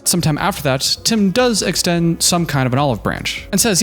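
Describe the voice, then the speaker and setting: A man's voice: fairly high pitch, very animated, normal speed, few pauses, soft background music. A man giving sarcastic, incredulous commentary on a reality show. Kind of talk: reaction commentary.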